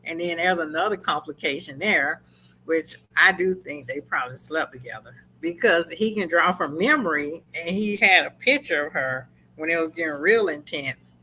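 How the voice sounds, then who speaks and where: A woman co-hosting a review chat with a bright, ringing tone. She tells the story in an animated way and acts out the quotes. Faint noise sits underneath. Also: low voice, normal speed, rough recording. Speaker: podcast co-host.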